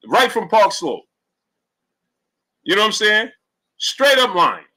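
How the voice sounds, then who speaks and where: Brief: New York-accented male stream host, high-pitched, bright, animated casual commentary. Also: takes it slowly, pauses often, poor audio. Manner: animated, talks straight to chat, reads comments aloud. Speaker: sports show host.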